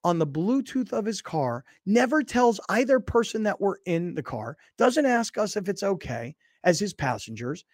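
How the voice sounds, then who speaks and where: Clean, dry studio audio captures this sports radio host talking at normal speed with few pauses. He moves between casual sports chat and a live ad read. He tells an animated story, climbing in volume and pitch as his indignation builds.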